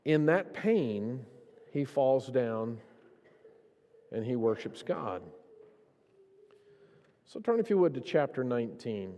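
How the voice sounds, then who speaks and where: A man preaching a sermon in a church, his delivery swinging between hushed, slow stretches and raised, impassioned ones. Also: mid-range voice, big pitch swings. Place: church sanctuary. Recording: long reverb of a church hall.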